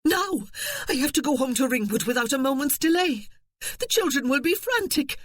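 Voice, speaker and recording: A woman's voice: sits high, lively intonation, normal speed, dry recording, pitched above the performer's own voice. A narrator voicing a terrified young noblewoman who stammers and wails in panic. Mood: panicked. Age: young adult.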